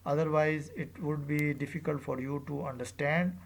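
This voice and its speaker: A teacher delivers a recorded lecture to students at a middling pitch, the voice rough with gravelly fry. The delivery is hesitant, full of fillers and restarts, and example words are stretched out and stressed for the class. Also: steady tone. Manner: hesitant, repeats phrases with many fillers; drawn-out, emphatic example words.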